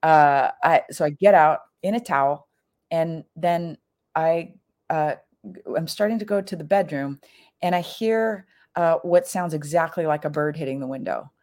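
Chatty middle-aged woman, low voice. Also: normal speed, a little mellow. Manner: chatty, full of "like" fillers, acts out quoted lines with big pitch jumps. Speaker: storyteller. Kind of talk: casual personal storytelling.

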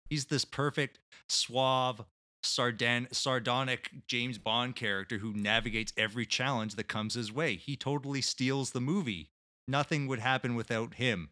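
Bright-voiced enthusiastic podcast man. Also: mid-range voice, steady tone, normal speed. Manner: enthusiastic, defends the movie. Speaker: podcast co-host. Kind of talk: casual comedic movie chat.

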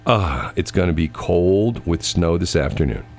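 Gravelly low-voiced radio host rambling. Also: male voice, expressive, a little slow, a little mellow, slight background noise. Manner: rambling storyteller, stammers and repeats words. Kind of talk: casual on-air chat. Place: radio studio.

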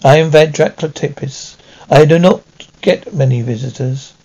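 A man's voice: fairly high pitch, normal speed, a little mellow. A man voicing an aloof ancient male vampire lord who speaks formally and mockingly. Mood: cold. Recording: dull lo-fi recording.

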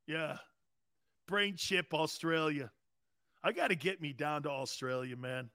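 A man in his fifties hosting a live show, chatting casually as an animated storyteller who chuckles often. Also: a little high, slow pace, gravelly, no echo, clean studio sound. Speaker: show host. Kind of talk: casual livestream talk.

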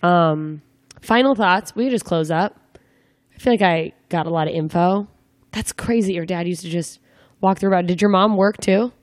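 A woman's voice: fairly low pitch, moderate pace, no echo, clean studio sound. A young woman interviewing a guest in a casual, joking way, full of rambling asides.

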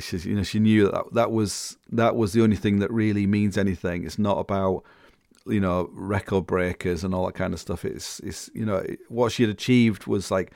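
A man's voice: on the low side, fairly even intonation, normal speed, creaky, a little mellow, no room sound, clean studio sound. A middle-aged man rambling casually as a podcast host, full of restarts and fillers, chuckling now and then.

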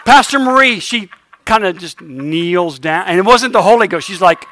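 High-pitched preacher guy, bright sharp voice, tells a story then gets loud and fired up. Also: a little slow. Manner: animated, builds to shouted exhortation. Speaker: revival preacher. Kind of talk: sermon storytelling.

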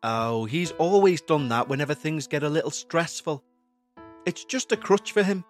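A man voicing an elderly grandmother who sounds soft and sweet but hides something sinister. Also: a little high, moderate pace, soft background music, natural voice. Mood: fond.

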